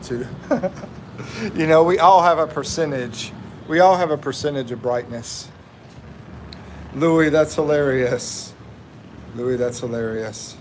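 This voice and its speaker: A man's voice: medium pitch, a little hiss or hum. An American man hosting a casual livestream, chatting and laughing while reading out viewer comments. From United States. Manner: slow, laughing, chatty, drawn-out. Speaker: livestream host. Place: living in the Philippines.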